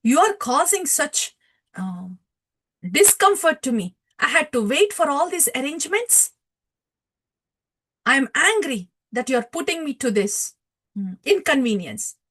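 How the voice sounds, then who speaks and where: A woman's voice: high voice, sing-song, a little slow, a bit bright, pitched above the performer's own voice, exaggerated voice. A woman voicing an indignant holy man who scolds a devotee in a retold scripture story. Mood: angry. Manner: raised, indignant.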